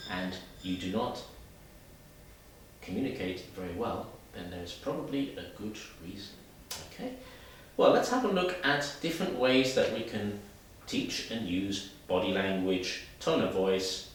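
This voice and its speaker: A man teaches a video lesson and talks straight to his viewers with animated, demonstrative energy. His voice sits on the low side and swings widely in pitch. It sounds strongly echoey, as if recorded in a bare room from a little way off the mic. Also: far from the mic, slight background noise. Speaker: English teacher.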